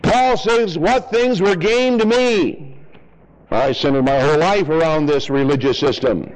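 A man preaching a fiery, blunt sermon in a folksy, mocking way, swinging from shouted highs to low asides. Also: a little slow, poor audio.

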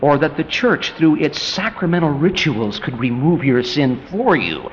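Brief: male preacher, high and swooping delivery, emphatic, faint room hiss behind. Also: measured pace, few pauses, rough recording. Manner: animated, rising to emphatic peaks, mimics voices for illustration. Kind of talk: sermon.

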